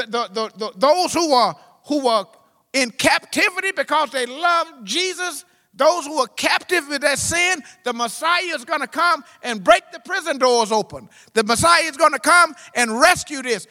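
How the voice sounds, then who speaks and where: High, bright preaching man in a hall. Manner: swings from loud rising exclamations to low quiet asides. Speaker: pastor. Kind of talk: sermon. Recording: long hall reverb.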